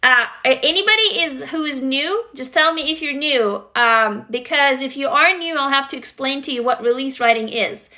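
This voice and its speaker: A woman's voice: high voice, normal speed, hardly any pauses, bright, forceful tone. A woman, hosting a casual livestream, talking frankly and affectionately to viewers and greeting commenters, with occasional swearing. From Russia. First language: Russian. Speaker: livestream host.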